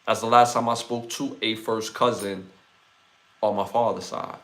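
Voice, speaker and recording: Low-voiced man in his forties musing. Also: steady tone, moderate pace, a bit bright. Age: 40s. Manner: reflective, conversational, talks things through with "like" and "right?". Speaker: podcast host. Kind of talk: casual solo podcast talk.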